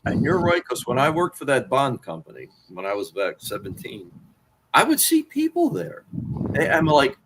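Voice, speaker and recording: A man in his sixties recalls his wrestling days as a guest on a casual interview. His voice swings widely in pitch and he rises sharply when worked up, cursing freely. Steady noise sits under the audio. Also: fairly quick. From Washington D.C. area. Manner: animated and profane, jumps to much higher pitch when riled. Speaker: interview guest, wrestling author and former manager.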